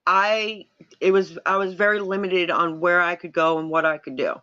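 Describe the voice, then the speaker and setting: A woman hosting a casual live-stream chat, telling animated stories and acting out the voices of the people in them. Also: on the low side, normal speed, lo-fi sound. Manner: animated storyteller, acts out quoted voices. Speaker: host.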